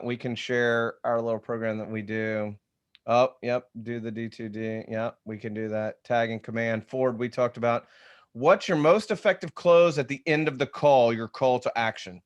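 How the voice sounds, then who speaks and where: A man teaching real estate agents on a video call, energetic and conversational, often restarting his sentences. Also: medium pitch, clear, resonant tone. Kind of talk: webinar teaching talk.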